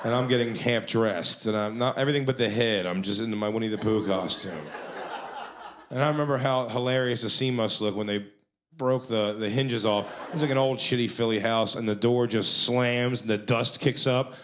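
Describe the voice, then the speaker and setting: A man's voice: medium pitch, moderate pace, background noise. Profane, self-deprecating stand-up man. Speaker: stand-up comedian. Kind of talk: stand-up storytelling.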